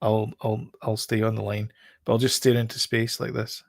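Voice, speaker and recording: Guy rambling on a podcast, gravelly voice, dry close sound. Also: fairly low pitch, level tone, moderate pace, no room sound. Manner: rambling, jokey, riffs on film trivia. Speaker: podcast co-host. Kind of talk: casual chat.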